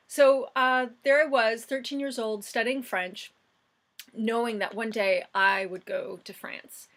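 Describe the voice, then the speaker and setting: A woman's voice: on the high side, steady tone, unhurried, fairly bright tone. A woman, reminiscing in a chatty casual vlog monologue. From United States. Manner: chatty and reminiscing, with fillers and restarts. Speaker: vlogger.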